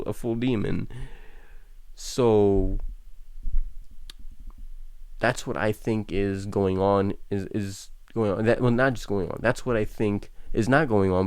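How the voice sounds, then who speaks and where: A man's voice: on the low side, darkish tone, no echo. A young man hosting an anime reaction, talking casually in long rambling thoughts that stammer and restart often.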